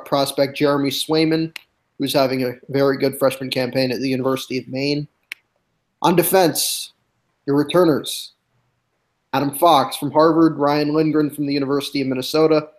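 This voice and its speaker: A man on a hockey podcast, reading through a team roster name by name in a measured, steady way. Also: on the high side. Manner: reads lists of names in a measured, steady way. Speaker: guest hockey analyst.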